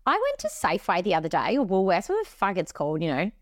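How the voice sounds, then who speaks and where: Lively Australian woman, dry podcast chat. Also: medium pitch, fast talker, dry recording. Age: young adult. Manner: lively storyteller, swears casually. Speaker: podcast co-host.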